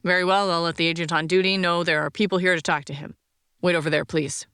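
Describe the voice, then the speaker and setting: A woman's voice: lowish voice, flat delivery, fast, fairly bright tone, clean tone, no echo. A woman narrator voicing a disinterested male security guard who goes through the motions. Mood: bored.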